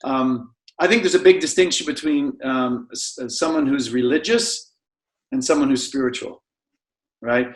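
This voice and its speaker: A man's voice: medium pitch, normal speed. An older man from Canada, a guest on an interview show, who laughs easily and tells anecdotes. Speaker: guest, chiropractor. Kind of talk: casual interview chat. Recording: roomy echo.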